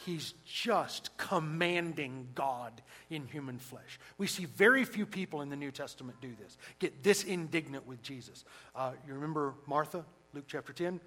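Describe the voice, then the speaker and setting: Male preacher, fairly high-pitched, emphatic, loud-to-soft dynamics. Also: unhurried, poor audio. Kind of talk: sermon.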